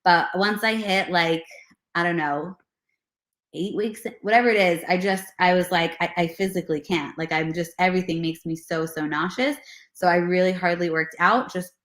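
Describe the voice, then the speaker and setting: A woman's voice: fairly low pitch, moderate pace, echoey room. A pregnant woman, a personal trainer, talking casually and earnestly in a video interview, with lots of "like" and "you know". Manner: earnest, animated, many fillers like "like" and "you know".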